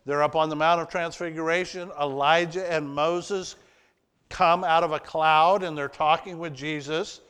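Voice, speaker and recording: Male preacher, high clear voice, unhurried sermon delivery, long church-hall reverb. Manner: swings between loud emphasis and hushed, earnest delivery. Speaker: pastor.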